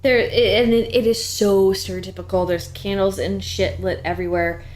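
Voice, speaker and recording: A woman's voice: mid-range voice, darkish tone. Chatty woman recapping a TV episode. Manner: chatty, jokey, quick asides. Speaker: podcast co-host. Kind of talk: casual TV recap chat.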